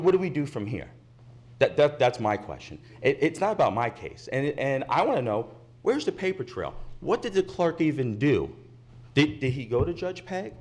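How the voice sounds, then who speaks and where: A man's voice: fairly high pitch, a little mellow. Indignant man at a public podium. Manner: indignant, insistent, repeats his points. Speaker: resident speaking at public comment. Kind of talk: impassioned public comment. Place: county commission meeting chamber.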